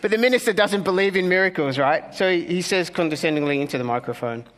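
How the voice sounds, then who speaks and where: A male pastor preaching a conversational sermon, earnest, with humorous asides and soft, hushed key words. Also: high voice, animated, fast talker, hardly any pauses. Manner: earnest, softening to near-whispers on key words.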